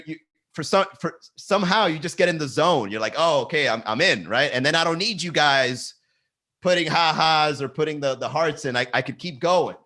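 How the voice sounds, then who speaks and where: A man's voice: a little high, fairly bright tone. A male comedian hosting a casual livestream from his garage, riffing at a camera and laughing at his own jokes. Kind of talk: casual solo livestream chat. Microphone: talking to a camera.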